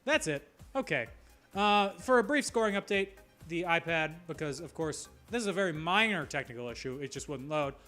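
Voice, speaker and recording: A man's voice: fairly high pitch, animated, moderate pace, fairly bright tone, faint music behind. A man hosting a live trivia show, reading questions with playful jokey asides. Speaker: trivia quiz host.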